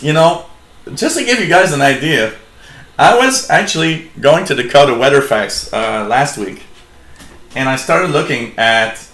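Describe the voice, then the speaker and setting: A man with as his hosts a live hobby radio stream, talking slowly and loosely, full of ums and restarts. His voice sits at a middle pitch and rings in a roomy, echoey space. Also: fairly bright tone. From Canada. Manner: rambling, many fillers and restarts. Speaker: shortwave radio show host. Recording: echoey room.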